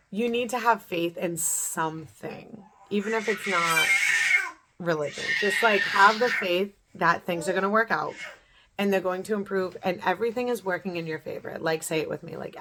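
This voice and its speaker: A woman in her thirties talks straight to camera in a home vlog, her voice sitting a little low. She gives an earnest, repetitive pep talk, leaning hard on the words she wants to land. A faint hiss of noise sits behind her. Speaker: beauty vlogger. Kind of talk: casual motivational talk to camera.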